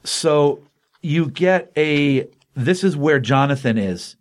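A middle-aged man hosting a casual chat, excitedly retelling a comic book story in a rambling way with many fillers. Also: on the high side, slow pace.

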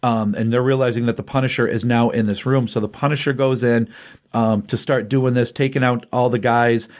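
Rambling man retelling a comic plot. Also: medium pitch. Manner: rambling, retells plots with frequent restarts. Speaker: comic book podcast co-host. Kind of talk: casual comic review chat.

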